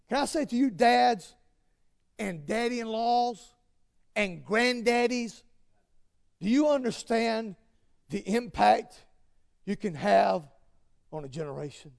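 A pastor delivers a Father's Day style sermon in a strikingly high voice with a gravelly edge. He moves from low, hushed asides to fervent shouting, pressing each point with repetition. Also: takes it slowly, pauses often. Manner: swings from quiet asides to shouted exhortation.

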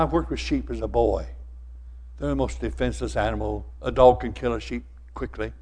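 Older man, pastor, sermon, fervent, rising volume, repeated words. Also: mid-range voice. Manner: fervent preaching that swells louder, with repeated words.

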